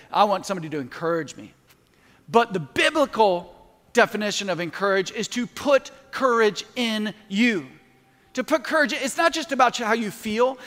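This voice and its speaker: High-voiced pastor preaching in a hall. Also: male voice, a bit bright. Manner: earnest, building to emphatic peaks, prays aloud mid-talk. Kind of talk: sermon. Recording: long hall reverb.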